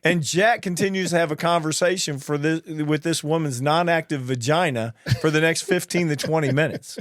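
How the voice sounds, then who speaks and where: A man's voice: a little high, moderate pace, dry recording, studio quality. A man co-hosting a podcast, telling bawdy work stories with lots of laughter. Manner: animated anecdotes, frequent laughter, bawdy humor. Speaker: podcast co-host, flight attendant. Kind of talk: casual storytelling chat.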